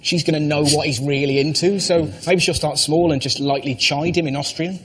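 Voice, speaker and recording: A male comedian on a panel show, spinning quick storytelling riffs. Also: a little high, fairly even intonation, a loud crowd. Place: TV studio with live audience.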